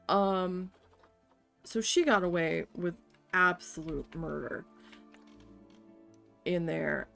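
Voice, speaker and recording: A woman's voice: on the low side, slow pace, gravelly, long pauses, soft background music. Blunt, cursing woman streamer. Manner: blunt, swears often, animated retelling. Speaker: game streamer. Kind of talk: casual storytelling while playing a game.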